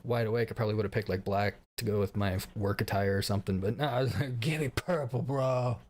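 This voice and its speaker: A man's voice: on the low side, fairly even intonation, fast talker, darkish tone, slight background noise. A man around thirty giving a casual, rambling stream update, swearing often and laughing at his own stories.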